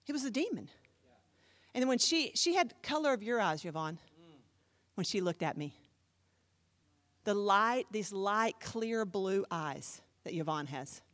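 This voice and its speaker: A woman pastor teaching a class, telling a story in an animated, emphatic, chatty way full of fillers. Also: medium pitch, dry recording, studio quality.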